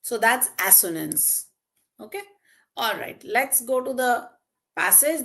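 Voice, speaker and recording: A woman's voice: medium pitch, expressive, fairly bright tone. A woman teaching an online exam-prep lesson, praising students by name and asking the class questions. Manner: slow and deliberate, draws out key terms and examples. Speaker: English teacher.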